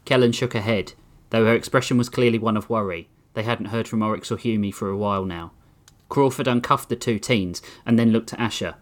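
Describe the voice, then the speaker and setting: A man hosting a podcast, reading a story aloud to his co-hosts in an animated way. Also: on the low side, brisk. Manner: animated, laughs mid-read. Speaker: podcast host and story reader.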